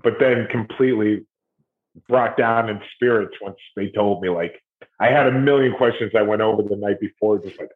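A middle-aged man from Ohio, a documentary series host, telling stories in a rambling, animated way. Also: on the low side, normal speed. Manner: rambling, animated retelling with acted quotes. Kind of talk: casual interview conversation. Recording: tinny phone-like audio.

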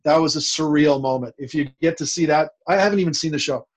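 A man as a guest in an interview, telling a long story in a rambling, animated way with many restarts. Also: on the high side, fast talker.

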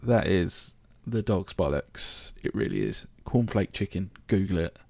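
A man's voice: sits low, sing-song, a little slow, creaky, darkish tone, no room sound. A man from London with a London accent, hosting a solo podcast in a chatty, joking, rambling way. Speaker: podcast host. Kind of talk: casual solo podcast monologue.

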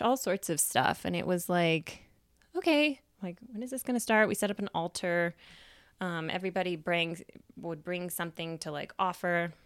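A young adult woman and podcast host telling a personal story in a casual, animated way, swearing freely and acting out her own past remarks. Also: on the low side, clear, resonant tone, no room sound, clean studio sound.

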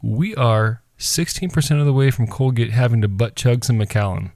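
A man's voice: mid-range voice, brisk, darkish tone, no echo, clean studio sound. A man hosting a casual podcast chat, joking and laughing often. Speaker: podcast host.

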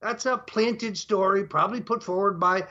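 On dull lo-fi audio, an older male interview guest talks at normal speed in a high, pushed, bright voice. It's a talk show setting, and he makes his case emphatically, working through numbered points.

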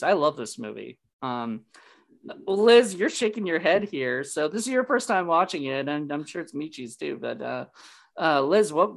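A man's voice: on the high side, vocal fry. A man hosting a casual movie discussion, rambling with many fillers and restarts. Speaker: podcast host.

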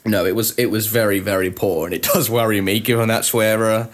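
A man's voice: on the low side, fairly even intonation, a little fast. A man co-hosting a podcast in casual chat, wry and self-deprecating, often laughing as he talks. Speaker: podcast co-host.

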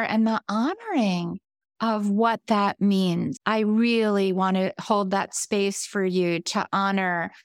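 A woman hosting a podcast, speaking gently and compassionately to her guest. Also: mid-range voice, dry recording, clean studio sound. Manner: soft, slow, compassionate. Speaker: podcast host. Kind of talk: gentle supportive interviewing.

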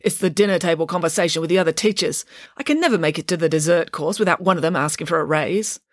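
A woman's voice: sits low, quick pace, no echo, clean studio sound. A woman voicing a flustered middle-aged male headmaster who blusters in exasperation.

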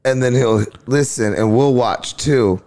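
A man's voice: medium pitch, measured pace. A man, a stand-up comedian, chatting casually on a podcast and animatedly acting out his exchanges with crowds. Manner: animated storytelling, acts out crowd exchanges, laughs often.

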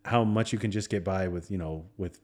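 A man's voice: low voice, a little fast, a little mellow. A man chatting casually as a podcast co-host, talkative and laughing easily. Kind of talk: casual chat.

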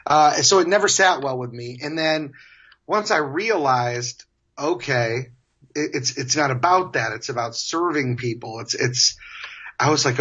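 Husky, animated storytelling man. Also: normal speed, lo-fi sound. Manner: animated, laughs and jumps pitch while telling stories. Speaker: interview guest. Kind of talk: casual storytelling.

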